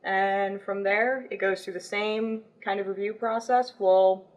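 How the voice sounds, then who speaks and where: A woman's voice: medium pitch, fairly even intonation, unhurried, poor audio. A woman who is a guest on a livestream, explaining marketplace work in brief, matter-of-fact answers. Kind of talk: casual livestream chat.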